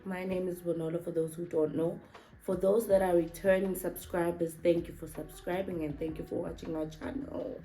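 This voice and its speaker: A woman's voice: lowish voice, flat delivery, moderate pace, dark tone, poor audio. A woman hosting a casual couple vlog, playful and teasing, sometimes hesitant as she searches for words. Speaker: vlog host.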